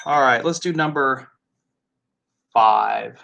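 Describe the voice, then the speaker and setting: A man's voice: medium pitch, slow, creaky, pushed and bright, lo-fi sound, slight background noise. A man with a Midwestern American accent hosting a casual live tasting, chatty and musing aloud as he goes. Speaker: host.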